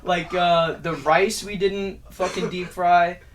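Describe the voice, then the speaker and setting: A young man chatting as a podcast guest, telling stories in an animated, profane way. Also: high-pitched, slow, heavy background noise. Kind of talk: casual chat.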